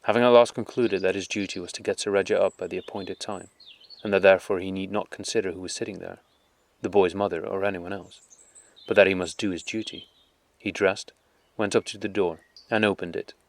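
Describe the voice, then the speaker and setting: A man narrating a classic novel as an audiobook in a measured, calm, unhurried way. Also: low-pitched, vocal fry.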